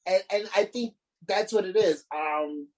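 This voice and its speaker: A man's voice: sits high, unhurried, poor audio. A man co-hosting a casual podcast, ranting with frequent swearing and restarts. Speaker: podcast co-host.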